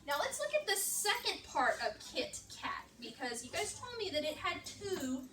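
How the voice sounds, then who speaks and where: A woman teaching young children a reading lesson in a classroom, upbeat and encouraging, speaking slowly and clearly. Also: sits high, big pitch swings. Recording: echoey classroom, far-off mic, background noise.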